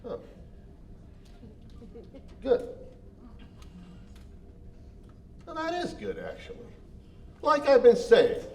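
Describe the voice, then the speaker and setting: An actor playing a dry, oblivious airline pilot who is in love with a married passenger, in a live stage comedy. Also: male voice, on the high side. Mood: earnest. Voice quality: deadpan, dry delivery. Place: theater stage. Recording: echoey theater stage from far off, faint noise.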